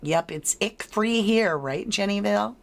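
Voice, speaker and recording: A woman's voice: mid-range voice, gravelly. A woman hosting a true-crime livestream, chatting with viewers, reading their comments aloud and running a poll, laughing often. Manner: chatty and unhurried, laughs often, drawn-out words. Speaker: livestream host.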